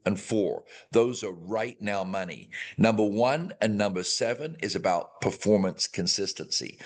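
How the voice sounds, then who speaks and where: A man coaching a real estate team in a training session, emphatic and motivational, repeating key phrases again and again. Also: lowish voice.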